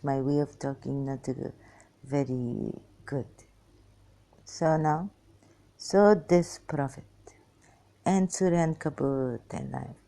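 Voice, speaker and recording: A tired, weak woman rambling through a personal monologue for her vlog in halting, broken phrases. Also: low voice, creaky, warm tone. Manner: halting, fragmented speech with many pauses. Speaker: vlogger.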